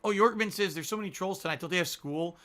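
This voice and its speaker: A man streaming live, reading chat aloud and mocking trolls in an animated, laughing way. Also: sits high, fast.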